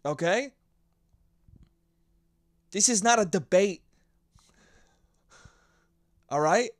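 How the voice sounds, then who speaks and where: High-voiced young man ranting profanely. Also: expressive, extremely slow, dry recording, clean studio sound. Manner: shouting at times. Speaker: podcast host. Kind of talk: solo podcast monologue. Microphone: handheld mic.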